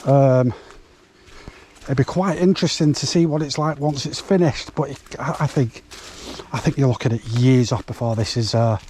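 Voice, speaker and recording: A man's voice: mid-range voice, moderate pace, warm tone, a little hiss or hum. A man chatting casually for his vlog outdoors, rambling along with frequent fillers. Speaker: urban explorer vlogger. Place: outdoors on derelict grounds.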